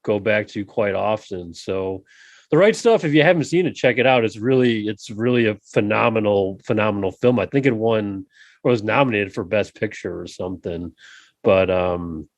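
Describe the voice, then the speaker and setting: A man co-hosting a podcast, telling stories in a casual, animated way, with many fillers and repeated words. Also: fairly low pitch, normal speed, dry recording. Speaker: podcast co-host. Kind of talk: casual chat.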